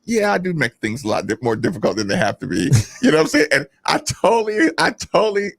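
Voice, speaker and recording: A man co-hosting a sports radio show, telling stories in a casual, animated way and acting out quotes. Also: a little high, quick pace, creaky, no room sound. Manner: animated, laughing storyteller who acts out quotes. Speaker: radio co-host, former basketball player.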